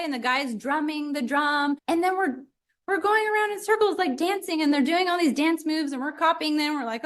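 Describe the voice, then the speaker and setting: A middle-aged woman co-hosting a podcast in casual chat, animated, acting out little quoted voices. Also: high voice, a little fast. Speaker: podcast co-host.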